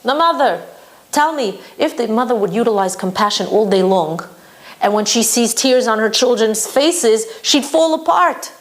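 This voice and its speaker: A woman's voice: a little high, animated, moderate pace. A woman teaching a Torah lesson to women, explaining with vivid stories and emphasis. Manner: emphatic, storytelling. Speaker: religious teacher.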